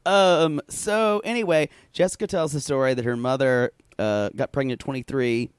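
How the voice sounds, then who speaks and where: A man's voice: medium pitch, moderate pace, smooth, no room sound, clean studio sound. A man co-hosting a podcast, sassily recapping a reality show and calling the listeners y'all. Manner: sassy, keeps addressing listeners as y'all, laughs a lot. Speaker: podcast co-host.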